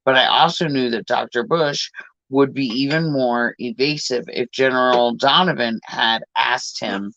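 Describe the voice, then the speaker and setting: A man hosting a podcast, reading a book aloud in a deliberate way and slowing down on hard words. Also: mid-range voice, vocal fry, bright, forceful tone, no echo. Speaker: podcast host. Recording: dull lo-fi dry recording.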